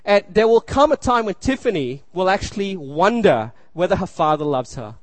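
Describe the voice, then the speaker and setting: A man's voice: high voice, expressive, moderate pace, no room sound. A man in his thirties delivers a sermon in a slightly raised voice. He is earnest and circles back on his phrases, checking in with his listeners. The sound is dry and close. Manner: earnest, repeats phrases, asks the room "you see?". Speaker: pastor.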